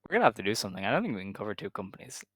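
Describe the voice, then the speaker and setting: Male co-host, lowish voice, matter-of-fact recap delivery, dry close recording. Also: big pitch swings, very fast, fairly bright tone, no room sound. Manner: matter-of-fact, running through match results. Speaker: podcast co-host. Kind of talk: casual chat.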